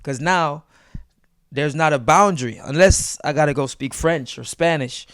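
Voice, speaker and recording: A Jamaican man, a comedian, chatting in an interview, animated, switching between accents and laughing often. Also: fairly high pitch, moderate pace, no echo, studio quality. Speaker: comedian guest. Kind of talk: casual interview chat.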